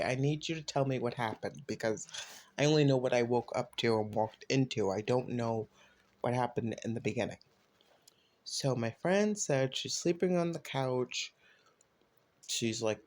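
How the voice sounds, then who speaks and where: A man recounting a personal event in a loose, conversational way. His voice sits in an ordinary middle register. When he quotes others, he lifts his pitch and energy. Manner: animated retelling, voices quotes with rising pitch. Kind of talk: casual storytelling.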